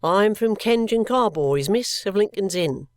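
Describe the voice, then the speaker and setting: A woman reading a storybook, voicing a polite, obliging young male law clerk in a lowered, matter-of-fact way. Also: expressive, measured pace, dry recording, studio quality, close to an everyday voice.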